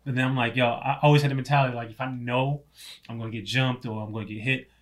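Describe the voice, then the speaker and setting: A man telling a story in casual chat, animated and laughing often, swearing freely. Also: medium pitch, fast talker.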